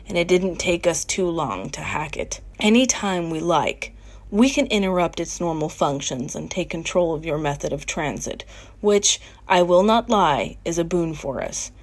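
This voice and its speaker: A woman playing a cold, scheming leader in a fan audio drama, speaking in measured, menacing tones. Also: on the low side, expressive. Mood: coldly scheming. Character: cold scheming woman leader plotting against a living island.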